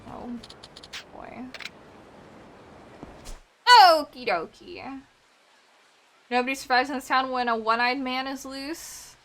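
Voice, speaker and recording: A woman's voice: high-pitched, takes it slowly, pauses often, fairly bright tone, a little hiss or hum. A woman streamer playing a game and making playful asides. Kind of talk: let's play commentary.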